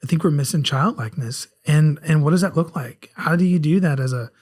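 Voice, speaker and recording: A man in his forties from South Carolina, his faint Southern accent audible, appears as a guest author on a casual podcast full of restarts. His voice sits a little high with a darkish, breathy edge, and he talks a little fast. He rambles, restarts often, and comes across as candid and self-reflective.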